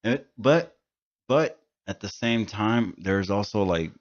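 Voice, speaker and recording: A man's voice: lowish voice, lively intonation, takes it slowly, dull audio. A man hosting a podcast in a studio, chatting casually and telling stories in a loose, profane way. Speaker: podcast host. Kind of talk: casual chat.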